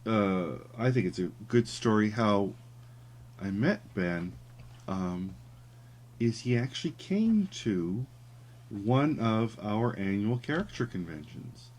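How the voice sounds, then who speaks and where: A man's voice: fairly low pitch, lively intonation, slow pace, a little mellow. A man telling a story in a casual, rambling way while he draws, with many fillers. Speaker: caricature artist streaming his drawing. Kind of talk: casual chat while drawing.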